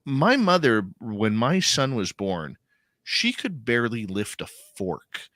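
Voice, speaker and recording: A male radio host with a bright, forceful voice that swings widely in pitch. He talks in an animated, emphatic way, full of fillers. The sound is dry and close-miked. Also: takes it slowly, no echo. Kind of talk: conversational interview talk.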